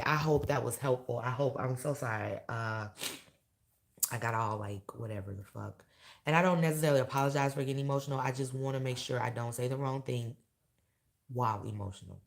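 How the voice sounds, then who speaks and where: A woman talking candidly to her viewers in a casual vlog, emotional and blunt, swearing freely and working herself up into loud rants. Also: very deep voice, brisk, creaky. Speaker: vlogger and awards show host. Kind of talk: casual direct-to-camera vlog.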